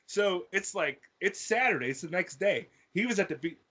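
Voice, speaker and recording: A man co-hosting a podcast, telling a story in a casual, animated and heavily profane way, laughing as he goes. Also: high voice, moderate pace. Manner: profane, animated, laughs through his stories. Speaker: podcast co-host.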